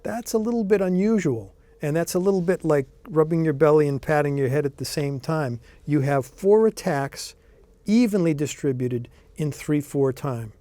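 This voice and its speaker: Mellow-voiced male guitar teacher. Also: a little high, normal speed. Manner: easygoing, explanatory, counts beats aloud. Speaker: guitar instructor. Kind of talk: relaxed music lesson with guitar demonstrations.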